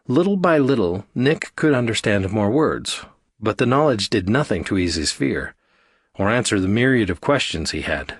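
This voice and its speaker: A male narrator reads an audiobook in a steady, even storytelling manner. His voice sits slightly low, and the recording is dry and close. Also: moderate pace, slightly rough, no room sound. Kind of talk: scripted narration.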